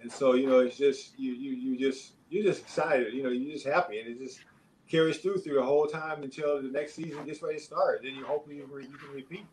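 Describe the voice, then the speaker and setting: An older man, a former pro basketball player, telling stories in a relaxed interview, rambling with many fillers and chuckles. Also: medium pitch, fast, slight background noise, low-quality recording. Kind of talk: casual interview storytelling.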